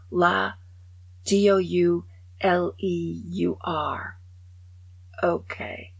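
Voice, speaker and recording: Gravelly older woman chatting, dropping to whispers. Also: sits low. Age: over 65. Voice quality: gravelly and raspy. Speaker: vlogger. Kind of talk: casual monologue commenting on news stories.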